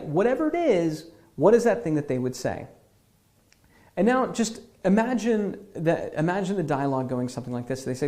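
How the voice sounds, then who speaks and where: A man's voice: on the high side, lively intonation, moderate pace, darkish tone. A man leading a guided visualization lesson, talking casually and checking in with "okay?" often. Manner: casual, conversational, many fillers and "okay?" check-ins. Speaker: marketing instructor.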